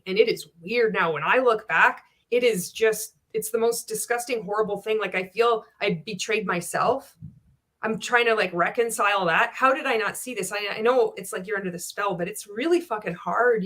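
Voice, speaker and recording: A woman's voice: mid-range voice, normal speed, fairly bright tone. Forties woman host, heated and profane, casual interview talk. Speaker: podcast host.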